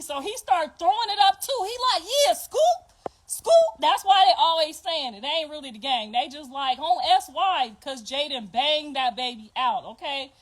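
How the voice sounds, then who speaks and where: Middle-aged woman host, high-pitched, loud and animated storyteller. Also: low-quality recording. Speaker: podcast host. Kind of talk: casual storytelling.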